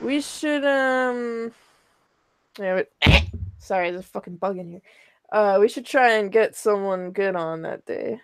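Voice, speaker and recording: Slow, giggly young woman host. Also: mid-range voice, clean tone. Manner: giggly, swears often, trails off with fillers. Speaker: co-host of a streamed talk show. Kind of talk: casual, crude streaming chat.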